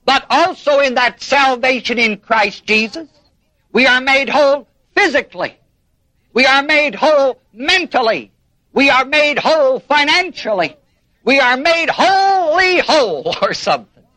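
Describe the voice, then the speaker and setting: Slow deliberate preacher man, dry close sound, calls out to the congregation. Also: extremely high pitch, sharp tone, dry recording, poor audio. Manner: emphatic, prompts the congregation with "what?"; repeats and stresses key words. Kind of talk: sermon.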